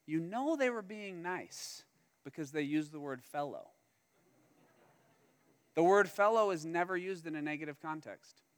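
A man's voice: a little high, measured pace, long pauses, clear, resonant tone. A man preaching a sermon, telling the story with humor and acting out the characters' lines. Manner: animated, humorous storytelling with acted-out quotes. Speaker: pastor. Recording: long hall reverb.

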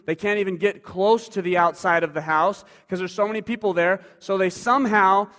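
A male preacher giving a sermon in a conversational way, moving between loud emphasis and quiet asides. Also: sits high. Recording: long hall reverb.

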